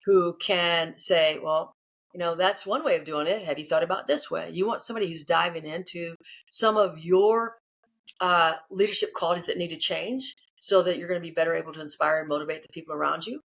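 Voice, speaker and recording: Fast-talking woman leadership coach. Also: lowish voice, vocal fry. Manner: animated, acts out quoted people. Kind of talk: casual interview answers, storytelling.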